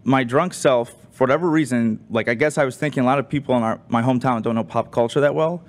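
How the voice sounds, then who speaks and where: A young man on a show's crew telling a rambling story in a casual, animated way, with lots of fillers. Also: medium pitch, quick pace. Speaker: crew member.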